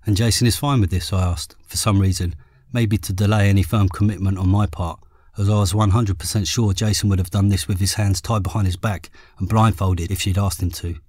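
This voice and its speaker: A man with an English accent reading his own memoir as an audiobook in a steady, measured way. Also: low-pitched, dry recording, clean studio sound. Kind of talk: audiobook narration.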